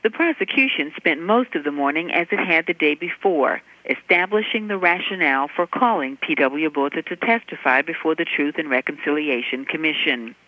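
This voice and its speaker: A woman correspondent delivering a reported news segment in a measured, even way. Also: low voice, no room sound. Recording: dry, dull lo-fi line.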